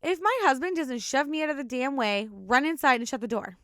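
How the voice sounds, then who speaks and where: Smooth, higher-voiced woman telling stories. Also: brisk, fairly bright tone, no room sound, studio quality. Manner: swears often, rambling with many fillers. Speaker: podcast host telling personal stories. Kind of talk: casual storytelling.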